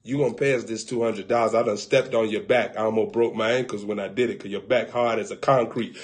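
A man playing a pushy male chiropractor who demands more money, talking in a brisk, matter-of-fact way. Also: lowish voice, fairly even intonation, voice pushed down, close to an everyday voice. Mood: demanding.

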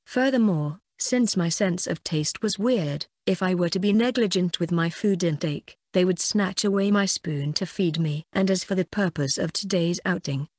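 A woman's voice: fairly low pitch, moderate pace, hardly any pauses, a little mellow, no room sound. A woman reading a first-person light novel aloud as an audiobook narrator, with a dry, wry inner-monologue manner.

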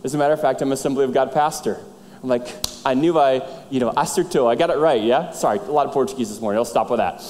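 A middle-aged male pastor telling a story in a sermon, animated and acting out the dialogue. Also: mid-range voice, fast talker. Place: church sanctuary. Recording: church hall reverb.

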